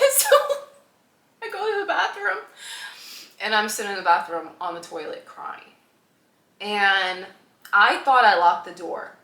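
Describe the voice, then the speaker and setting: A young woman vlogger telling a personal story in a lively, laughing way, acting out the voices of the people in it. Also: mid-range voice, echoey room.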